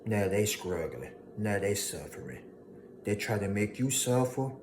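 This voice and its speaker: A man delivers an emphatic motivational monologue, hammering home his points by repetition. His voice sits low and deep. A steady hiss of background noise runs under it. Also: a little slow. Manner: preachy, emphatic, repeats lines for effect, mocking voices of haters. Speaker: motivational speaker.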